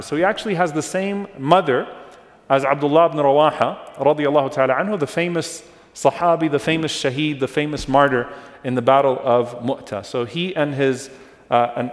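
A man delivering a religious lecture in a large hall, his voice slightly higher than usual for a man and trailing off in a long reverb. He explains step by step, repeats key names and checks in with his listeners. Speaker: Islamic lecturer. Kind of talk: religious lecture on early Islamic history.

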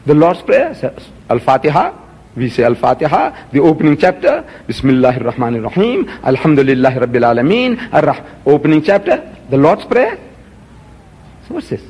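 Indignant high-voiced man lecturing in a hall. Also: big pitch swings, moderate pace, a little mellow, breathy edge. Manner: indignant, rhetorical, shows items to audience. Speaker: Muslim lecturer. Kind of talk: public lecture.

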